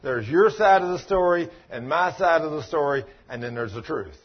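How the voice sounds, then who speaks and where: Husky folksy man preaching. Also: fairly high pitch, animated, normal speed, highs cut off. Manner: folksy, emphatic, acts out dialogue. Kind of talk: sermon with storytelling.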